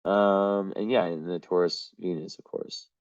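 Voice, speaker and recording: A man with a very low, deep voice gives a casual astrology reading, wandering from thought to thought with constant hesitations. His voice is wearing thin and hoarse. The recording is dull and lo-fi, with a dry, close sound. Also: steady tone, unhurried, darkish tone, dry recording. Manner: meandering, hesitant, full of "like". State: losing his voice.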